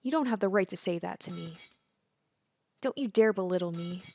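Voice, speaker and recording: A woman's voice: on the low side, moderate pace, dark tone. A woman reading aloud the lines of a possessive, imperious young princess girl from a game. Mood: indignant. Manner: bossy, indignant reading.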